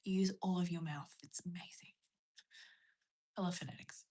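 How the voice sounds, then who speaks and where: This livestreamer is a young woman with a rural Australian accent, chatting casually as she reads comments, rambles and occasionally slips into a whisper. Her lowish voice is mellow and slightly rough, with fairly even intonation and a moderate pace.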